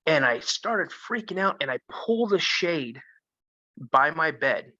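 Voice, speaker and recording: A man from Minnesota tells a story in a casual, animated way. His voice is bright and fairly high, and the sound is dry and a little dull. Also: takes it slowly, no room sound. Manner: animated, acts out the voices of others. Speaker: guest.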